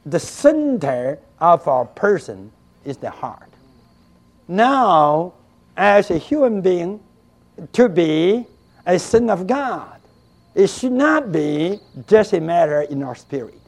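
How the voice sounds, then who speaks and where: This is an older man delivering an emotional sermon in a high, gravelly voice. He speaks slowly and deliberately, and his delivery moves from soft, tender tones to loud, heartfelt cries. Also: very animated. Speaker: preacher.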